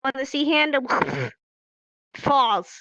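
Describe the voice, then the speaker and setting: A woman's voice: high-pitched, animated, takes it slowly, sharp tone, dry recording, lo-fi sound. A young woman from California teaching sign language on a casual livestream, chatty and laughing often as she acts out examples.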